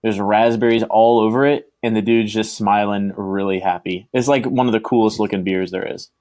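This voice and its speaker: A man's voice: lowish voice, fairly even intonation, normal speed, darkish tone, no room sound. A young man co-hosting a casual podcast, full of crude joking banter. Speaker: podcast co-host. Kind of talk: casual chat.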